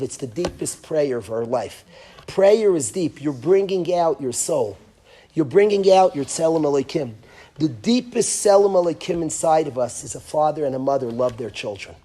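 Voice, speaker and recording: A male rabbi giving an impassioned lecture to parents, repeating phrases and swinging between loud emphasis and soft, hushed lines. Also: on the high side.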